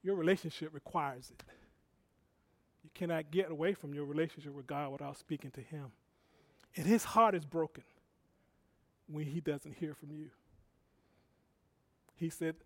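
High-voiced male preacher, dry sound. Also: normal speed, pauses often, no room sound. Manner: conversational and rambling, with self-corrections and laughs; swings between soft asides and loud exhortation. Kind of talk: sermon.

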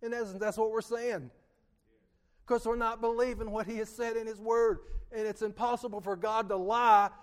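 Male preacher, high voice, sermon on a church mic, call-and-response delivery with sudden loud swells. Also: fairly even intonation, moderate pace. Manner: call-and-response, asks the congregation for amens; swings between soft, low asides and loud emphatic peaks. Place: church sanctuary. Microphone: PA microphone.

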